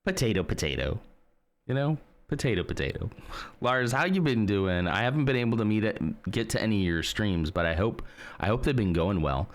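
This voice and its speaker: A man's voice: lowish voice, animated, fairly quick. A man streaming live, chatting casually and rambling as he reads and answers his chat.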